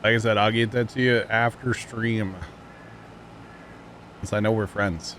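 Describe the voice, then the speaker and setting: A man livestreaming a farming game, chatting casually with viewers and teammates, thanking them between quick exclamations. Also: on the low side, steady tone, fairly bright tone, slight background noise. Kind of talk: casual gaming livestream chat.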